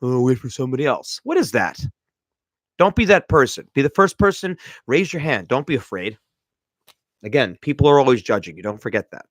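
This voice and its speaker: A man hosts a motivational podcast livestream, addressing viewers in an emphatic, lecturing way and repeating his points. His medium-pitched voice is animated and moderately paced, with no echo.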